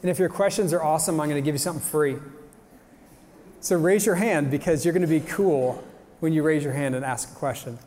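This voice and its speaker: Enthusiastic male speaker, mellow tone, lively motivational faith talk recorded live in a reverberant hall. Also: on the high side, brisk. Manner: enthusiastic, joking, punchy rhetorical questions. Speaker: speaker at a young professionals' faith event.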